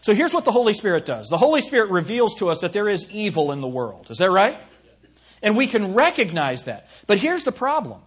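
A man preaching a sermon with earnest emphasis. He reads scripture emphatically and drops low for asides. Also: sing-song, brisk, husky. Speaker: pastor.

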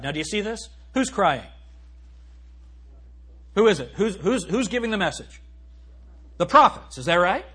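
Husky-voiced preacher, high and lively. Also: male voice. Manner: animated preaching, swings from loud to hushed; reads scripture in a slow, emphatic cadence. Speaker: pastor. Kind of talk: sermon. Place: church sanctuary.

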